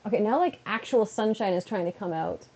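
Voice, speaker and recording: On a livestream from her beanbag at home, a woman from Canada chats casually and rambles, filling her talk with "like." Her mid-range voice is expressive and a little mellow, and she speaks slightly fast.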